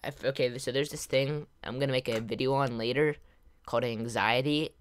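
Rambling excitable young man vlogger. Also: medium pitch, brisk, clear, resonant tone. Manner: rambling, excitable, lots of fillers and laughs. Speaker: gaming vlogger. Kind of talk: casual storytelling to camera.

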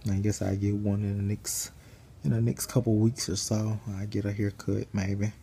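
A tired young man talking casually to his camera while lying in bed, rambling in a relaxed way. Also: lowish voice, normal speed, creaky, a little hiss or hum. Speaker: vlogger. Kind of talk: casual chat.

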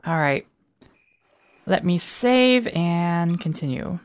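A woman giving casual let's play commentary, chatty and teasing the enemies, her voice slightly hoarse. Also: lowish voice, lively intonation, slow, no room sound. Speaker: gamer playing a shooter.

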